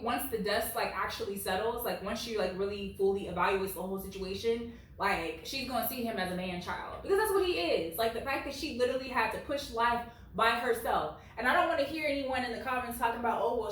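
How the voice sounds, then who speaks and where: A woman in her late twenties reading reddit stories at home with blunt, animated commentary, peppered with "like". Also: fairly high pitch. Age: late 20s. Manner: blunt and animated, heavy use of "like". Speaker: reddit story reader. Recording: very echoey room, far from mic.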